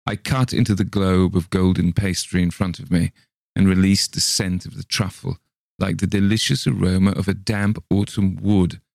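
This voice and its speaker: Deep gravelly man reading a story. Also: little pitch movement, moderate pace, darkish tone, dry recording, studio quality. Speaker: narrator.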